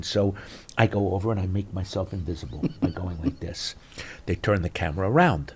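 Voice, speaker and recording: A man, a guest actor telling stories in an animated interview chat, swinging between loud bursts and mutters. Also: low-pitched, brisk, vocal fry, a little hiss or hum.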